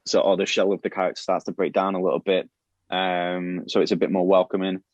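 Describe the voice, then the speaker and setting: A deep-voiced man on a podcast casually retells a plot idea for a show, rambling with lots of restarts and fillers. His tone is level and his pace brisk, and the recording is dull, lo-fi, and dry with no echo.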